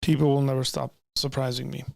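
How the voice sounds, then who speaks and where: A young man chats with his stream viewers in a loose, rambling way, often restarting his sentences. His voice is gravelly and fry-filled at an ordinary pitch. The sound is close and dry, from a desk microphone. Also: flat delivery, fast, a little mellow, dry recording. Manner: rambling, many restarts and asides. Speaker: streamer reading chat. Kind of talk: casual live-stream chat. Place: home room with bookshelves. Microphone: desk microphone, leans in close.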